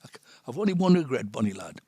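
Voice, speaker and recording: An older man with a North East English accent chats through his memories as a guest, laughing easily and sinking to a near whisper when he gets serious. His voice is husky and breathy. The sound is dry and close, with no room echo. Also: mid-range voice, very animated, fast, mellow. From Sunderland, England. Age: 70s. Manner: chatty, laughs often, drops to a near whisper on serious points. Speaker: missionary priest, guest. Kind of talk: casual storytelling chat.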